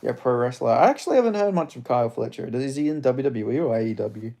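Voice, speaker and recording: A young man, a streamer, giving excitable, swearing commentary as he watches a live fight and chats with viewers. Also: mid-range voice, fast, a little hiss or hum. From Australia. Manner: excitable, swearing, chatty reactions.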